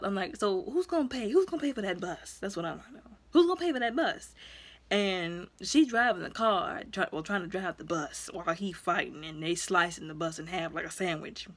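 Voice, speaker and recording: Animated woman chatting a movie review. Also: mid-range voice. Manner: chatty and animated, acts out characters' lines. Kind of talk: casual spoken movie review.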